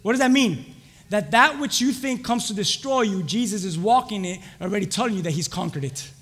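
High, bright-voiced preaching man. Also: expressive, fairly quick, in a large hall. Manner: call-and-response questions, rising to shouts. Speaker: pastor. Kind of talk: sermon.

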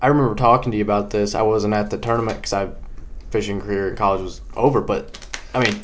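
A man's voice: on the low side, fairly even intonation, fast, slight background noise. A young man hosting a casual podcast chat, chiming in with short remarks and echoes.

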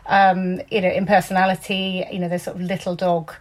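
A woman hosting a casual podcast interview, chatting quickly with fillers. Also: lowish voice, monotone. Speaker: podcast host.

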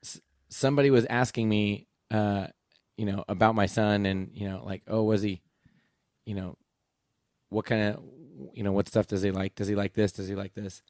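A man in his thirties chatting casually as a podcast co-host, telling lively stories and jumping up in pitch when he quotes people. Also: normal speed, dry recording, clean studio sound. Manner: animated storyteller, jumps high when quoting others. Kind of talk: casual chat.

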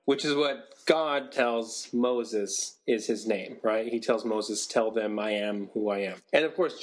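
A man co-hosting a podcast who explains ideas in a casual chat and keeps checking in with "right?". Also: mid-range voice. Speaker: podcast co-host.

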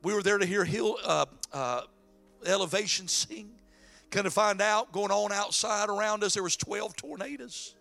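A man preaching a sermon as pastor, dropping to whispers and rising to shouts. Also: sits high, moderate pace, vocal fry, soft background music. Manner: dramatic swings from hushed whispers to shouting.

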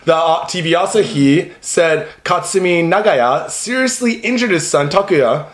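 A man's voice: on the high side, lively intonation, moderate pace. A man co-hosting a podcast, chatting crudely and joking, reading news stories aloud and laughing often. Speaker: podcast co-host. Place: room in Tokyo. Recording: echoey room.

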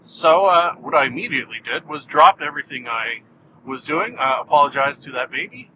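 A male podcast host talking while he drives, rambling and poking fun at himself. His voice is bright and sits fairly high. A faint hum of the vehicle runs underneath. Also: lively intonation, a little fast, lo-fi sound. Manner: rambling, self-mocking, jokey. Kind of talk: casual rambling monologue. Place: car while driving.

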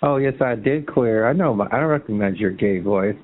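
A man's voice: moderate pace, over a noisy crowd. A man calling into a chat line, trading insults and taunts in a heated argument. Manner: taunting, mocking, swinging into a shrill sneer. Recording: tinny phone line.

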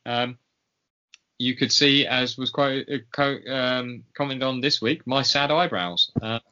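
A man's voice: medium pitch, measured pace, pushed and bright. A man hosting a podcast in casual chat, hesitant and full of fillers. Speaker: podcast host. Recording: dull lo-fi recording.

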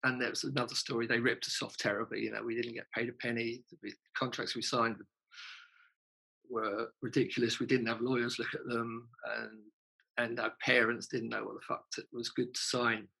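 A man's voice: mid-range voice, flat delivery, moderate pace, vocal fry, bright, forceful tone, slightly rough, poor audio. A man, a musician being interviewed, telling anecdotes in a chatty way, laughing and swearing freely. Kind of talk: casual anecdotal storytelling.

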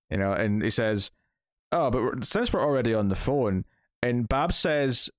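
A man's voice: lowish voice, animated, measured pace, smooth, no room sound, studio quality. Rambling man reviewing comics. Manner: rambling, lots of fillers and restarts. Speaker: comic book podcast host. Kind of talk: casual chat reviewing a comic.

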